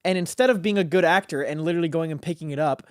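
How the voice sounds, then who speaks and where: A man's voice: a little high, racing, smooth, no room sound. Teenage boy chatting on a podcast, rambles thru a story with lots of likes and ums, dry sound. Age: teens. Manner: rambling storyteller, heavy on fillers. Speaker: guest. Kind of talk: casual podcast chat.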